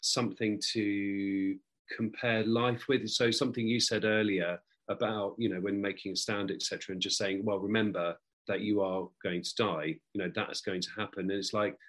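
Male guest, lowish voice, thoughtful and halting, casual chat. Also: level tone, fairly bright tone. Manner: reflective, hesitant, many restarts. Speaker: podcast guest. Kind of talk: casual conversation.

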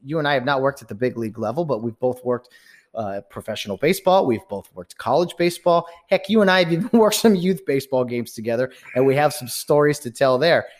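A man, a baseball umpire and podcast co-host, asking his partner questions in an animated, often laughing, casual chat. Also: medium pitch, quick pace.

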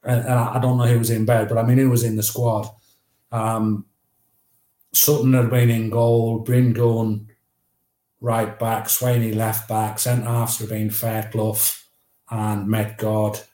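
A man in his fifties with a Northeast English accent, telling lively anecdotes as an interview guest and acting out the quotes. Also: lowish voice, unhurried, roomy sound. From Northeast England. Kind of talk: storytelling in an interview.

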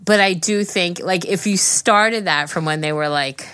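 Bright-voiced middle-aged woman, rambling. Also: on the low side, unhurried, clear, resonant tone, dry recording, studio quality. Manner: relaxed, rambling, talks with mouth full. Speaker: podcast co-host. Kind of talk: casual chat.

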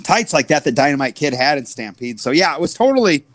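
High-voiced man telling stories. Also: fast, no room sound. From US Midwest. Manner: animated, full of fillers, acts out others' voices. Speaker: wrestler guest. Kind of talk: storytelling interview.

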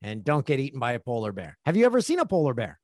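A man's voice: mid-range voice, wildly swooping pitch, rapid-fire, darkish tone, no echo, clean studio sound. A man hosting a podcast, a joking, rambling storyteller in casual chat. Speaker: podcast host.

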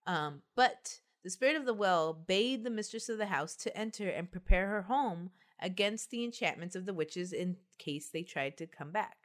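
A woman's voice: fairly low pitch, expressive, moderate pace, few pauses. A woman hosting a podcast, reading a folk tale aloud and joking with friends. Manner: playful, laughs often. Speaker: podcast host. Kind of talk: reading folklore aloud in casual chat.

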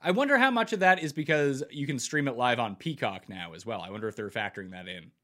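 A man's voice: mid-range voice, lively intonation, fast, bright, forceful tone. A man hosting a casual podcast chat, teasing and argumentative, swearing as he pushes his points. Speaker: podcast host.

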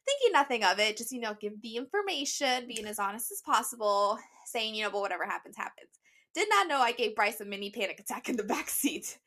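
A woman co-hosting a casual chat, telling stories in an animated, candid way with lots of fillers. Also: fairly high pitch, fairly quick. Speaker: co-host.

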